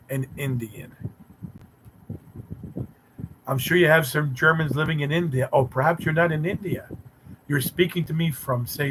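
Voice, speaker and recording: A man's voice: a little high, fairly bright tone, slight background noise, poor audio. Teasing man hosting a live stream. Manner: teasing, sarcastic banter with chat viewers. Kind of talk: casual live-stream chat.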